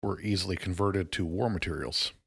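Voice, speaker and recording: A man's voice: low voice, a little fast, vocal fry, fairly bright tone, slightly rough. A man co-hosting a podcast, chiming in with wry questions and quips in casual chat. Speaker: podcast co-host.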